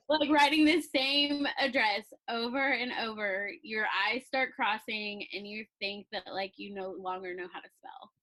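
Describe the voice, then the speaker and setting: Young woman, casual interview guest, chatty, laughs a lot, slightly high, bright voice. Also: unhurried, hardly any pauses, rough recording. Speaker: calligraphy business owner, interviewee.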